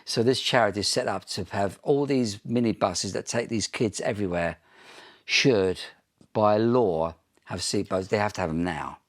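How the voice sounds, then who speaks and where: A man from Ireland, guest in a relaxed interview, winding through long stories full of ums and false starts. His voice sits fairly low, in a conversational, unhurried telling. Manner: chatty anecdotes, frequent ums and restarts. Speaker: interview guest, pop singer. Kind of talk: casual interview storytelling.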